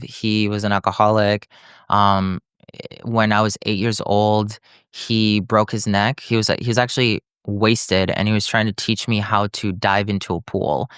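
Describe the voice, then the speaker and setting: A man's voice: fairly low pitch, fairly bright tone, smooth, dry recording, studio quality. A man speaking as a podcast guest, telling his personal story frankly, rambling and full of filler words. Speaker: podcast guest, reiki teacher. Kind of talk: candid personal storytelling in conversation.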